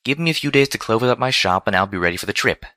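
A man's voice: fairly low pitch, expressive, fast, bright, forceful tone, no room sound, voice pushed up. A man voicing a refined, dramatic female pony designer with a genteel, affected manner. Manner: genteel, affected, says darling.

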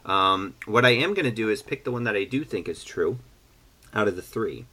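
A man hosting a casual chat, talking in an animated way with lots of fillers and restarts. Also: on the low side, normal speed, husky. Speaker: podcast host. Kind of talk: casual chat, guessing game.

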